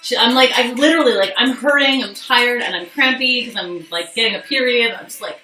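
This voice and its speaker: A young woman from Canada, hosting a live stream, tells a candid, profane personal story while chatting with viewers. Her slightly high voice is bright and forceful, brisk with few pauses, and it sounds distant and off mic in an echoey room with faint music behind.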